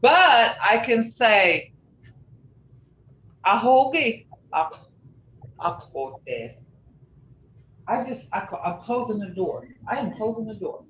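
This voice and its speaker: Patiently, an online language teacher repeats sample phrases many times in a mid-range voice at a moderate pace. The video-call recording is echoey and dull, with a little hiss or hum.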